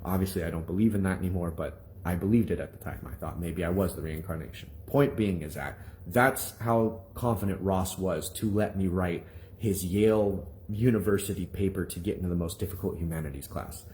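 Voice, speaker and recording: A man's voice: sits low, a little fast, a little hiss or hum. A man in his twenties, a minister giving a spoken testimony to his viewers, telling a story with energy and acting out the people he quotes. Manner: animated storytelling, acts out quoted voices.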